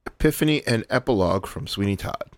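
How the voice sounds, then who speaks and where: A man co-hosting a casual talk about music, speaking haltingly with stumbling restarts. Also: fairly low pitch, animated, background noise. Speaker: podcast co-host. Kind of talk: casual chat.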